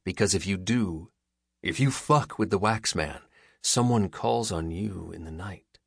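A man voicing a sly, cruel criminal who taunts in a bright, breezy, menacing way, in an audiobook. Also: deep voice, a little slow, gravelly, slightly rough, no echo, studio quality, exaggerated voice. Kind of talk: audiobook character voice.

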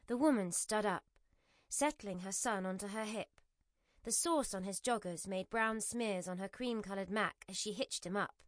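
A woman narrating an audiobook with measured, even storytelling. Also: mid-range voice, no echo, studio quality.

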